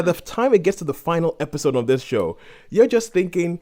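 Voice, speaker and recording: A man co-hosting a podcast, giving an animated, exasperated review in casual chat and acting out quotes in sudden high voices. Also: a little fast. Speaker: podcast co-host reviewing a series.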